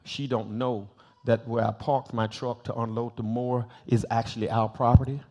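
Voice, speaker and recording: A man's voice: medium pitch, flat delivery, normal speed, warm tone. An older man, a bishop and pastor, teaching a Bible study in sermon style, telling stories, acting out quoted voices and repeating phrases for emphasis. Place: church sanctuary.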